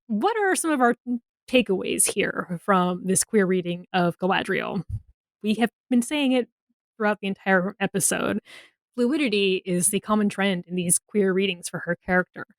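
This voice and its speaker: A woman co-hosts a casual podcast and sums things up with open enthusiasm. Her pitch sits in the middle of the range. The recording is dry and close. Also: no echo. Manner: enthusiastic, wrapping up with a summary. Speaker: podcast co-host.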